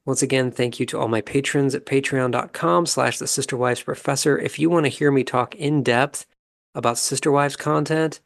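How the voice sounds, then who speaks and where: Male podcast host, calm, analytic show recap, mid-pitched voice with a gravelly fry. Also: moderate pace. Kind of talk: casual commentary recapping a reality show.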